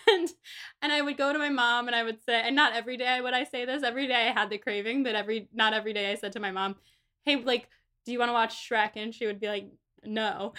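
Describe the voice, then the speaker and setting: A woman co-hosting a podcast, chatting in a casual and animated way and laughing often. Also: fairly high pitch. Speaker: podcast co-host. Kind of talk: casual book-club chat.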